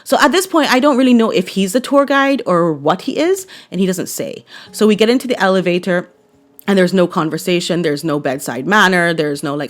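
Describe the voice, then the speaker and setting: A vlogger with a Barbadian accent tells a personal story to camera in a chatty, animated way, often checking in with her viewers. Her voice is lowish and she talks a little fast.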